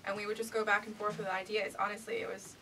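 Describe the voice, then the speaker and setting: A woman's voice: medium pitch, level tone, fast talker, bright, forceful tone, recorded from a distance, a little hiss or hum, rough recording. A young woman singer-songwriter, a guest on a radio show, talking casually and giggling, with lots of "like" and "you know". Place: radio studio.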